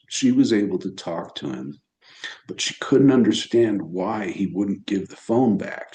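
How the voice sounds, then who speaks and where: Brief: lower-voiced male host, slow and halting, choked up, roomy echo. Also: dark tone. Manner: halting, emotional, pauses and restarts. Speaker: astrology channel host. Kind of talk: personal storytelling.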